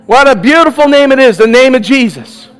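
A man's voice: extremely high pitch, expressive, brisk, soft background music. A man preaching at a church service, exhorting his congregation with repeated calls of "come on" and leading them in prayer. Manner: exhorting, repetitive "come on" calls, bursts of laughter. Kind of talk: charismatic sermon and altar call. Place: church service with live audience.

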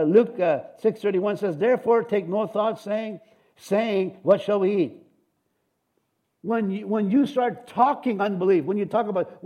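Animated preaching man, high voice. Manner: animated preaching with shouts of woohoo and amen, joking asides. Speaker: pastor. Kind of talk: sermon.

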